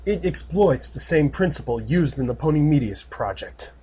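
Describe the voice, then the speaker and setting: A man's voice: fairly high pitch, lively intonation, normal speed, mellow, slightly rough. A man voicing an arrogant male corporate villain in a fan audiobook, condescending and cold. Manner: haughty, condescending.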